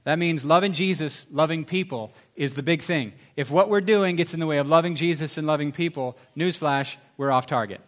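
A man delivers a lively sermon in a slightly high voice. He punches key phrases loudly, then drops into hushed, confiding tones. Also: brisk, hardly any pauses. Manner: animated preacher, swings from loud emphasis to soft confessional tones. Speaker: pastor.

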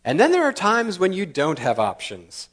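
A man preaching a sermon, telling personal stories with animated acted-out dialogue and laughing at his own jokes. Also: sits high, normal speed. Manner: animated, acts out dialogue in lively voices. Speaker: pastor. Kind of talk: storytelling sermon.

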